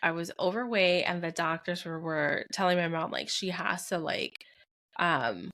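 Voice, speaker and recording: A young adult woman co-hosting a podcast, telling personal stories in a candid, animated way with lots of fillers. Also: on the low side, normal speed. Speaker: podcast co-host. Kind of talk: casual chat.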